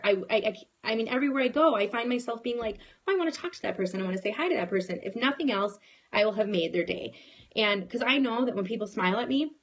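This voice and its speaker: A woman in her thirties giving a casual motivational talk to her sales team, telling a personal story with lots of restarts. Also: a little high. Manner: animated, storytelling, frequent restarts. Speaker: network marketing team leader.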